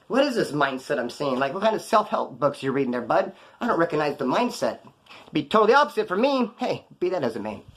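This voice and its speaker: Brisk, slangy male storyteller with a higher-leaning voice, candid and profane. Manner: profane street slang, rambling, animated. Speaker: former prisoner telling stories. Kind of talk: casual storytelling to camera.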